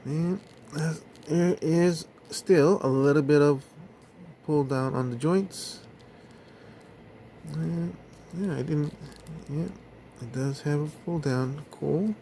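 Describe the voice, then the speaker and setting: A man's voice: a little high, mellow, slight background noise. A man casually reviewing action figures, talking in a hesitant way with many fillers. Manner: slow, hesitant, lots of fillers. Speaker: toy reviewer.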